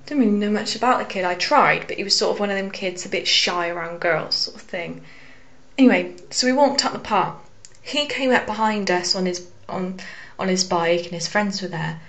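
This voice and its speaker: A young woman telling a personal story to camera, hesitant with frequent fillers and soft asides. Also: mid-range voice. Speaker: vlogger.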